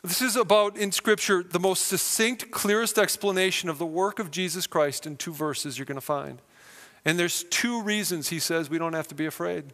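Animated preacher with a ringing hall reverb. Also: male voice, a little high, normal speed. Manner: animated, vivid storytelling. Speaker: pastor. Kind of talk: sermon.

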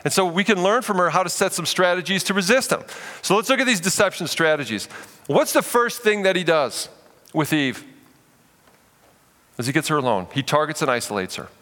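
Emphatic male pastor in a reverberant hall. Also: fairly quick. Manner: animated, emphatic, often drops low for stress. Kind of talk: sermon.

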